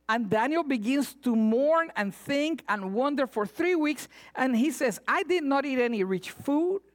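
A woman preaching a sermon, retelling scripture with animated asides and acted-out cries. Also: high-pitched. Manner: animated, acts out voices and cries.

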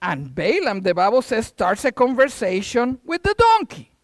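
A man preaches in a loose, conversational way, retelling a Bible story with sound effects and asides. His pitch swings widely, and the sound is dry and close. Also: wildly swooping pitch, moderate pace, no echo. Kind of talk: sermon storytelling.

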